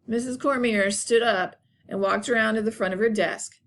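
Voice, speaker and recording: A woman's voice: a little high, moderate pace, a bit bright. A woman teacher narrating a children's chapter book aloud for young students. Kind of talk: children's story read-aloud.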